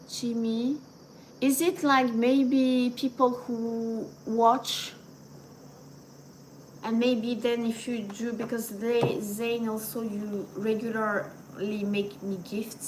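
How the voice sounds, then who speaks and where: A woman's voice: a little high, flat delivery, slow, noisy background. A middle-aged woman with a French accent, chatting casually with viewers as a host and dropping in French and Japanese words. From France. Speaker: channel host. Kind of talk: casual livestream chat.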